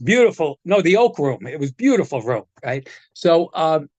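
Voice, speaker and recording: A man's voice: a little high, very animated, normal speed, darkish tone, no room sound, lo-fi sound. Older man spinning chuckling anecdotes. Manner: rambling anecdotes with chuckles and restarts. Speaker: guest, guitar technician. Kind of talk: casual storytelling chat.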